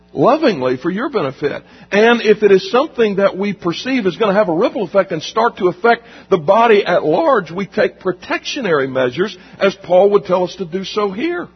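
A man with a high, sing-song voice and a breathy edge preaches a sermon as pastor at normal speed, emphatic and conversational, repeating phrases for weight. He was recorded in a church sanctuary, and the recording sounds dull, with long hall reverb.

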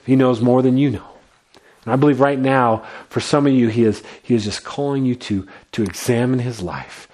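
A man preaching a sermon as a pastor, earnest, often repeating his words and moving between lively and quiet passages. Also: mid-range voice.

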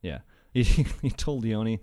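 A man's voice: lowish voice, expressive, slow, mellow. A man hosting a casual movie podcast, telling stories in a rambling way, with lots of fillers and laughter. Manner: rambling, laughs often, filler-heavy storytelling. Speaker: podcast host.

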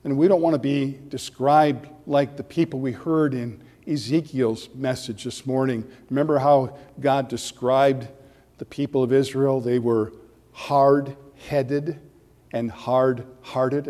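A man preaching a sermon as pastor, earnest and full of rhetorical questions, his voice growing animated as he goes. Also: medium pitch, unhurried, long reverb tail.

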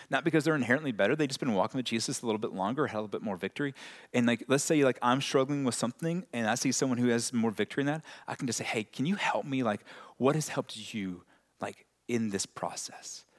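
A man preaching a sermon as a pastor, talking to the congregation in a conversational, direct way with self-deprecating humor. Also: mid-range voice.

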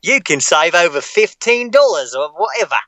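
A chirpy little gecko hawks car insurance in a put-on Cockney accent, as a man does the voice. The patter is bright and eager, pitched a bit above his usual talk. It sounds close and dry. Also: sing-song, normal speed, no echo, exaggerated voice. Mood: cheery pitch. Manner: cheery sales patter.

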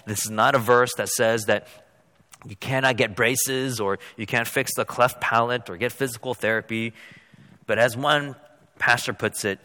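A man preaching a sermon as a pastor, rising to loud, high-pitched emphasis and then dropping to quiet. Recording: long hall reverb.

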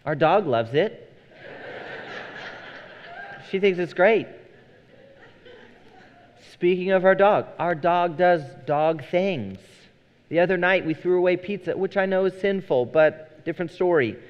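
A man's voice: sits high, measured pace, pauses often. A man in his thirties, a pastor preaching a sermon in a conversational, storytelling way. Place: church sanctuary. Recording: dull sound with long hall reverb.

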